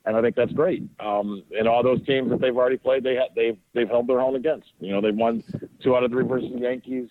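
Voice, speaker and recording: A man's voice: medium pitch, fairly even intonation, quick pace, dry recording. A man co-hosts a sports podcast over a tinny, phone-like line with no room sound at all. He chats loosely, stumbling and laughing through his stories. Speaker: podcast co-host. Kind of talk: casual sports chat.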